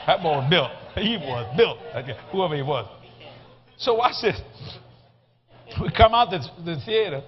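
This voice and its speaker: A man with a South Louisiana accent, a guest preacher telling a comic story in an animated, folksy way. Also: a little high, measured pace, long pauses, crowd noise. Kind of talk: sermon storytelling. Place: church service. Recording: slightly muffled recording.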